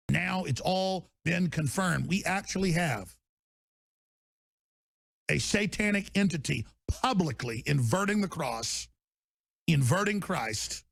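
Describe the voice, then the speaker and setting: Gravelly, bellowing ranting man. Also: fairly high pitch, no room sound. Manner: fiery, bellowing, swings into shouts. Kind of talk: angry ranting monologue.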